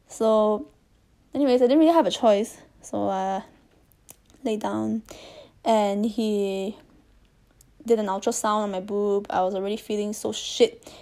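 A woman's voice: medium pitch, measured pace, warm tone. A young woman from Malaysia telling a personal story in a candid, rambling way, swearing freely, with audible breathing on a close mic. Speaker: vlogger. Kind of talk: casual storytelling monologue.

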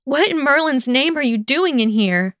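A woman's voice: sits high, lively intonation, normal speed, fairly bright tone, no echo, clean studio sound, voice pushed up. Hermione, a huffy young witch, voiced by a woman. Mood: indignant. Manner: huffy, indignant delivery. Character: indignant young female witch, quick-tempered.

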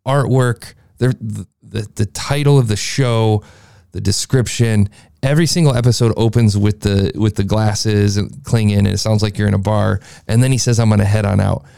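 Gravelly-voiced man giving a rambling podcast review. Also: on the low side, steady tone, moderate pace, mellow, no room sound, studio quality. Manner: rambling, enthusiastic, talks in circles. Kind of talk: casual review commentary. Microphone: processed studio mic, beefy sound.

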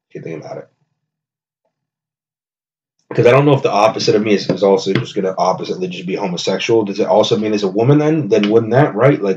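A man hosts his own comedy podcast, rambling from one tangent to the next and swearing freely as he jokes. His voice sits on the low side, and the recording sounds dull and lo-fi. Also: a little mellow. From New Jersey. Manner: rambling, profane, joking. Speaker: podcast host. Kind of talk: casual comedy monologue.

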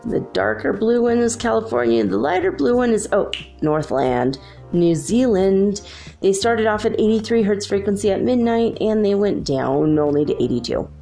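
A woman's voice: medium pitch, lively intonation, normal speed, vocal fry, dark tone, faint music behind. A woman vlogging casually from her room, chatty and rambling. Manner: rambling, chatty, uses "like" often. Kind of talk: casual spiritual vlog commentary. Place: her room at home, alone.

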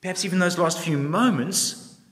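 A man's voice: sits high, moderate pace. A man preaching a sermon, telling the story expressively and asking reflective questions. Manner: expressive storytelling, acts out voices. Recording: long reverb in a large hall.

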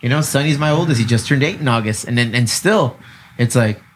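A man's voice: medium pitch, expressive, fast, slight background noise. Blunt, profane man in casual chat. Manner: blunt, profane, calls people bro.

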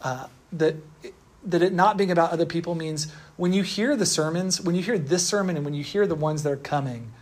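A man's voice: a little high, fairly quick, a little mellow. A young man giving a sermon to a room, talking casually and asking the listeners rhetorical questions. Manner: conversational, asks the audience rhetorical questions. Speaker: pastor. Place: room with an audience.

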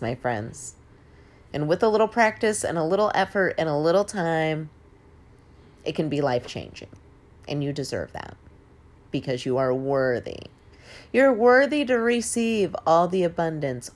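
A low, very animated female voice at a moderate pace belongs to a host in her forties. Her motivational monologue is emphatic and laid-back, sprinkled with occasional swearing and easy laughter.

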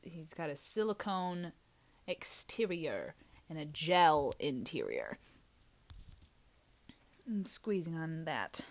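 A young woman vlogging in a rambling, scattered way, goofy and self-mocking, with sudden loud outbursts. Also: fairly low pitch. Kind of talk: rambling casual monologue.

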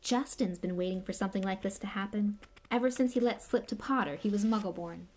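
A woman's voice: mid-range voice, fairly quick, a little mellow. Woman reading a storybook aloud. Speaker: audiobook reader. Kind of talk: storybook narration.

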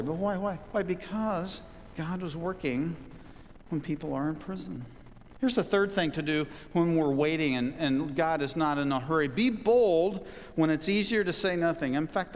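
A man's voice: high voice, big-room sound. A man preaching a sermon as a pastor, emphatic, repeating key phrases for stress.

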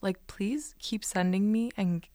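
A woman's voice: mid-range voice, a little slow, dark tone, no room sound, clean studio sound. A young woman co-hosting a podcast, chatting casually and playfully with a friend, often giggling. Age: young adult. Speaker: podcast co-host.

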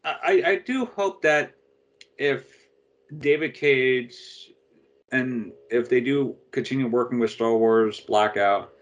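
A man's voice: mid-range voice, slow pace. A man co-hosting a casual gaming podcast, musing thoughtfully and hesitantly with many "uh" fillers. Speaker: podcast co-host.

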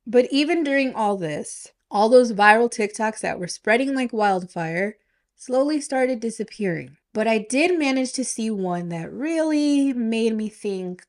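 A woman hosting a podcast, telling a story casually rhetorical questions and a chatty, conspiratorial manner. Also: mid-range voice. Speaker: podcast host.

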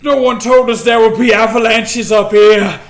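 A man voicing a group of blustering, flustered male orcs with a loud, theatrical delivery in a tabletop game. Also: high-pitched, fairly even intonation, moderate pace, reverberant, voice pushed up. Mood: indignant.

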